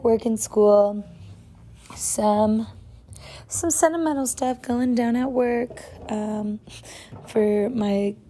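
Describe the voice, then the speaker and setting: A young woman hosting her own podcast in a bubbly, loud, chatty way, full of "like" fillers, talking into a phone with a clip-on mic as if sending a voice memo. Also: mid-range voice. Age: young adult. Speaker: podcast host. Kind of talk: casual chat, like a voice memo. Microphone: phone with clip-on lav mic.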